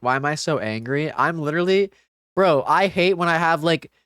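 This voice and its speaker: A man's voice: on the high side, normal speed, fairly bright tone, smooth, dry recording, studio quality. A young man streaming, chatting casually with sarcasm, frustration and swearing.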